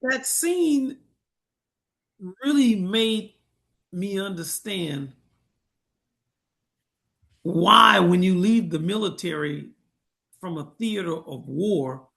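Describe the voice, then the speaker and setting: A man's voice: high voice, animated, slow pace, vocal fry, long pauses, bright, forceful tone. A man in his fifties, a military veteran guest, talking emphatically in a casual discussion.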